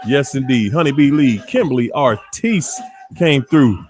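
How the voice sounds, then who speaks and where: A man's voice: medium pitch, animated, unhurried, soft background music. Playful man greeting his livestream chat. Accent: African American English from Washington, D.C. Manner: playful, greets viewers by name, laughs often. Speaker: livestream host.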